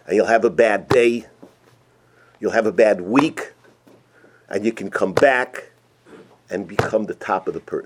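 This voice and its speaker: A man telling a folk tale in a sermon, animated and full of Yiddish and Hebrew terms. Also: on the low side, background noise. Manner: animated storyteller, acts out characters, sprinkles Yiddish and Hebrew terms. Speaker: rabbi teaching a weekly Torah portion. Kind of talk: storytelling sermon.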